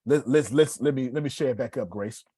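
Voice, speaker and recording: A man teaching a class, animated and slangy, joking and acting out examples. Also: medium pitch, brisk, breathy edge, dry recording.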